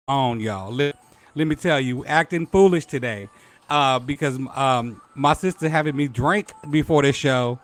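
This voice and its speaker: A man's voice: on the high side, lively intonation, measured pace, fairly bright tone, faint music behind. A man hosting a live-stream talk show, playful and joking, greeting viewers by name between laughs. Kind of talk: casual live-stream chat.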